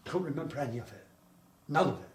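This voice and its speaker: A little high-pitched and talking fast with lively intonation, an older man is interviewed about his childhood in wartime. His oral history account rambles and repeats, recorded in an echoey room with faint background noise.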